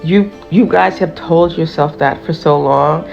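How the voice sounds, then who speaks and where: A woman's voice: deep voice, a little slow, gravelly. A woman giving a blunt, dismissive lecture to men about dating, in a social media video clip. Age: adult. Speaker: commentator. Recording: dull clip with music behind.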